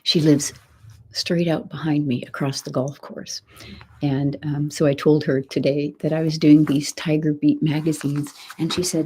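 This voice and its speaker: A middle-aged woman hosting a soft-spoken ASMR live chat close to the mic, rambling as she slips between whispers and a quiet voice. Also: deep voice, flat delivery, measured pace, a little hiss or hum. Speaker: ASMR channel host.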